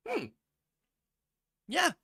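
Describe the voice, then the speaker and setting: A man's voice: very slow, bright, forceful tone. A man hosting a political commentary show, talking sarcastically over news clips with mocking asides.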